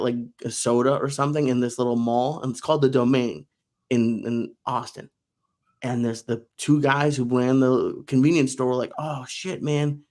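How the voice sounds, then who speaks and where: A man in a casual podcast chat, telling animated, self-deprecating stories. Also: medium pitch. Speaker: podcast co-host.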